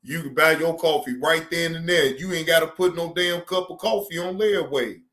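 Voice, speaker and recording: A man streaming, riffing in a loose, profane rant with a ring. His voice sits a little high, and he circles back over the same lines for emphasis. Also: normal speed. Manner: animated, profane, repeats himself for emphasis. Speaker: streamer reacting to news.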